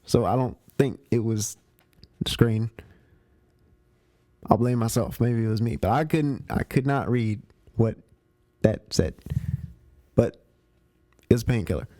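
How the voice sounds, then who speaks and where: Man, movie show host, relaxed casual review chat, slangy, repeats phrases, warm tone. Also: medium pitch, measured pace, pauses often, no echo.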